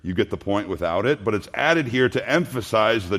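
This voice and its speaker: A man's voice: lowish voice, expressive, normal speed, few pauses, a bit bright. A man preaching an expository sermon in an earnest, emphatic way, posing rhetorical questions. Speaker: pastor.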